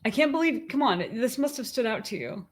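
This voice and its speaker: A woman's voice: on the high side, animated, fairly quick. A woman co-hosting a podcast, chatting casually with her husband and thinking aloud with restarts. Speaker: podcast co-host.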